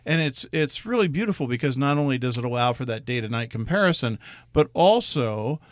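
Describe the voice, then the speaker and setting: A man's voice: mid-range voice, animated, a little fast, no room sound. Enthusiastic male radio host. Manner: enthusiastic, conversational. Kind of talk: radio interview.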